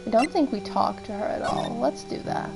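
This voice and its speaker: A woman's voice: a little high, moderate pace, vocal fry, over music, rough recording. A woman streaming a game, chatting and musing aloud in casual commentary. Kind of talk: casual let's-play commentary.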